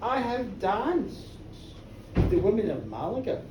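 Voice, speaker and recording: A woman's voice: mid-range voice, very animated, measured pace, mellow, dull audio, slight background noise. A woman doing a boastful charmer. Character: boastful young Galway man, a smooth charmer. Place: pub with a live audience. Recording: echoey live bar, from a distance.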